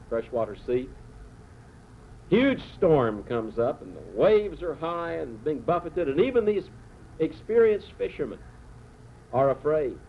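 A man preaching a sermon, telling the story dramatically with slow, emphatic phrases. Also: a little high. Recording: tinny phone-like sound with faint noise.

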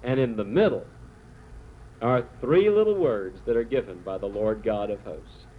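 A man preaching a sermon, telling the story dramatically with slow, emphatic phrases. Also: fairly low pitch, animated. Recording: tinny phone-like sound with faint noise.

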